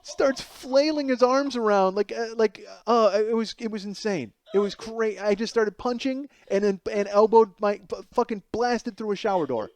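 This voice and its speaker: A man in his forties telling a comic story alone as a podcast host, animated and self-mocking, with plenty of swearing, going from loud outbursts to low mutters. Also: normal speed, few pauses. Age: 40s. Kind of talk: solo comedic storytelling.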